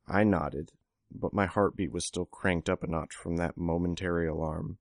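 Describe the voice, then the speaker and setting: Male narrator, deep and measured, dry studio-style recording, for audiobook. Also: steady tone, creaky, no room sound.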